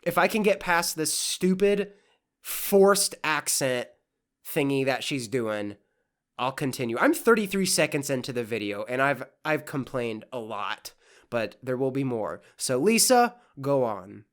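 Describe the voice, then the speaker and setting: A podcast host giving sarcastic, profane reaction commentary in deadpan asides. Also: medium pitch, a little slow.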